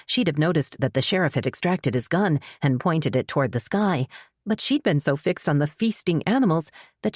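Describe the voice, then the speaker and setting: A woman with a low voice narrates an audiobook in a steady, measured way. The recording is dry and close, with no room sound. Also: dry recording. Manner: measured storytelling. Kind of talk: scripted narration.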